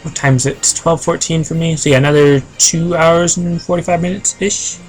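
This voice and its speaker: A man's voice: fairly high pitch, steady tone, fairly quick, faint music behind. Rambling male game streamer. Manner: rambling, filler-heavy, reads chat aloud. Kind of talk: casual live-stream chat.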